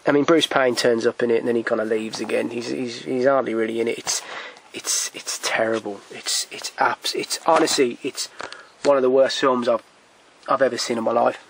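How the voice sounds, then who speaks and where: A man's voice: medium pitch, fairly even intonation, fairly quick, creaky, crowd noise. A man casually chatting about films he has bought, rambling with frequent restarts and stammered repeats, blunt and given to swearing and chuckling. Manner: blunt, swears, chuckles at his own stories. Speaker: video collector reviewing his purchases. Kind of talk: casual film chat.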